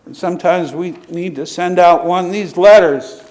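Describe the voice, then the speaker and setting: A man preaching a sermon as pastor, telling personal stories in a conversational way, acting out quoted voices and closing in prayer. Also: a little high. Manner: conversational storytelling preacher, quick bursts and lively quoted voices.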